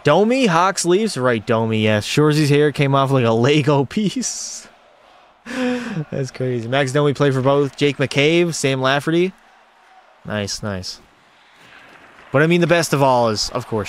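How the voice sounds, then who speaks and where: Excitable male gaming streamer. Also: medium pitch, clean tone. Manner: excitable play-by-play, talks to chat. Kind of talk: live gameplay commentary. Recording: faint music behind the voice.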